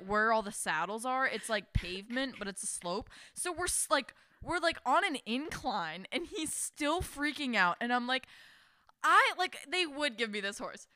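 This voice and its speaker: Young woman, bright voice, smooth and clear, dry close mic, casual animated storytelling. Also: a little high, no echo. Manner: animated, heavy use of "like", acts out quotes. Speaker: podcast co-host.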